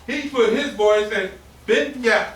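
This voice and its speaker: A man preaching a sermon in call-and-response style, emphatic and lively. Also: extremely high pitch, slow pace. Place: temple meeting hall. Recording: roomy, distant audience recording with faint noise.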